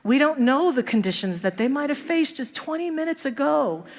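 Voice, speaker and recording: A high-pitched woman minister preaches at normal speed with lively intonation, recorded with church hall reverb in the sanctuary. She tells stories throughout and performs the voices of those she quotes.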